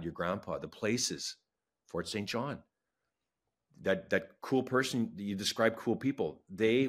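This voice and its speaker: A man from Manitoba talks with deep, low-pitched earnestness in an interview. His words tumble out quickly and he repeats himself to drive home how strongly he feels. Emotion sits close to the surface as he speaks. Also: slightly rough. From Manitoba, Canada. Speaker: wildlife federation scientific advisor. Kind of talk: passionate interview talk.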